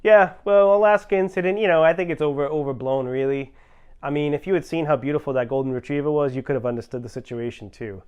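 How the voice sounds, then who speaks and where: A man's voice: fairly high pitch, steady tone, fast talker, darkish tone, smooth, dull audio. A man delivering crude, smug gossip with occasional laughs in a mock band interview. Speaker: comedy troupe performer. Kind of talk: improv mockumentary band interview.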